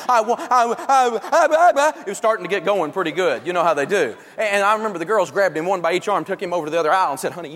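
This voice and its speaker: Animated, high-voiced male lecturer. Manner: animated storyteller. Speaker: financial teacher. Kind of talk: humorous lecture to a live audience. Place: large hall with an audience. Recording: long echo of a large hall.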